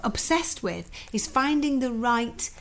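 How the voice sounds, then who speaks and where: A woman chats away in a high voice, telling family stories on a podcast. She repeats herself, loops back mid-sentence and laughs easily. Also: expressive, takes it slowly, a bit bright. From Manchester, England. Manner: chatty storyteller, laughs often, repeats herself. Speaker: podcast co-host. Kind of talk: casual family podcast chat.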